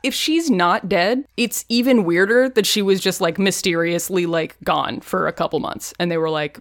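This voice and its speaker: A woman's voice: lowish voice, normal speed, hardly any pauses, no echo, studio quality. A woman co-hosting a podcast, chatting casually and sarcastically while recapping a TV episode. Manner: jokey and sarcastic, laughs often. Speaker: podcast co-host.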